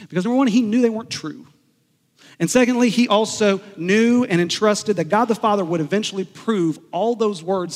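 A man preaching a sermon as pastor, earnest and storytelling, slowing down to stress key words. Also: high-pitched, long reverb tail.

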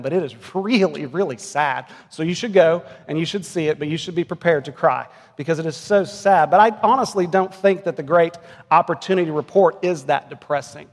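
Male pastor, forties, earnest sermon voice, a touch high, long church reverb. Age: 40s. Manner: earnest, rising to emphatic peaks. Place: church sanctuary.

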